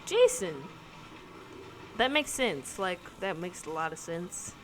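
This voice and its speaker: A woman vlogger with a lowish voice and big pitch swings reads questions aloud and answers them in casual chat at a slow pace. She rambles and hesitates, using lots of ums and likes, with background music playing.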